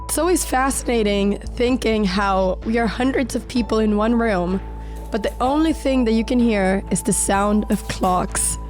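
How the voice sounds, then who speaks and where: A woman with a fairly high voice tells the story of her chess game in a calm, measured voice-over. She is slightly sick, and her voice cracks now and then. Soft music plays faintly behind her. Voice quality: occasional voice cracks. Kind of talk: reflective voice-over narration.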